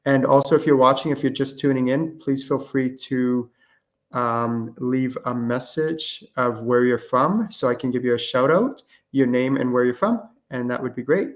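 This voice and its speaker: A man's voice: mid-range voice, normal speed. A man hosting a live-streamed question-and-answer show, talking casually with lots of fillers and false starts. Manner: casual, rambling with many fillers and restarts. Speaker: host and spiritual channeling teacher.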